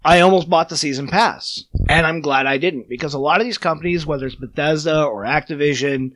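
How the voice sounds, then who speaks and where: Podcast co-host, male, smoker's voice, fairly high pitch, ranting casually. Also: brisk, a bit bright, no echo. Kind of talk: casual gaming chat.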